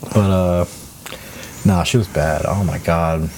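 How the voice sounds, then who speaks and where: A man's voice: low voice, fairly even intonation, slow, a little mellow, slight background noise. A young man co-hosting a podcast, telling stories in a rambling, profane casual chat full of fillers. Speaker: podcast co-host.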